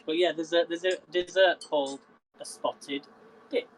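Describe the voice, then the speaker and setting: A chatty man talks his viewers through a recipe from his home kitchen, laughing easily and calling out to people by name. His voice sits a little high, and a faint hum runs under the recording. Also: steady tone, normal speed, low-quality recording. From England. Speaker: live cooking streamer. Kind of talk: casual live-stream cooking chat.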